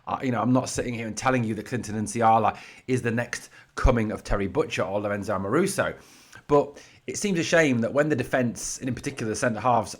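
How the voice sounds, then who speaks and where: A man hosting his own football fan channel, giving heated, blunt solo commentary scattered with "you know". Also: medium pitch.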